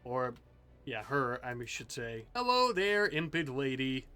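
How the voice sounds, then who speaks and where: A man giving casual let's-play commentary, reacting loudly to the game and cursing at enemies. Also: medium pitch, a little slow, faint music behind. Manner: animated, swears and yells at the game. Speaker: gaming YouTuber.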